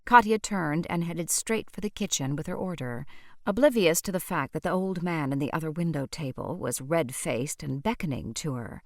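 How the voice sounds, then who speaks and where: Low-voiced woman narrating an audiobook. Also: animated, moderate pace, no echo, clean studio sound.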